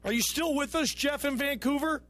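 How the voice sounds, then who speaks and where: A man hosts a sports call-in show with a strikingly high voice. He talks loose and chummy, riffing between calls. It has a radio broadcast sound. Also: moderate pace, a bit bright, dry recording, soft background music. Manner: loose, chummy, calls callers bro and brother. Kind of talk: casual call-in radio talk.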